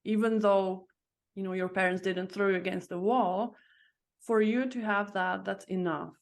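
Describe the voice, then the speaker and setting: A woman's voice: medium pitch, steady tone, normal speed. Reflective woman guest telling her story. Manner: reflective, searching storytelling with restarts. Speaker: podcast guest. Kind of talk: casual interview chat.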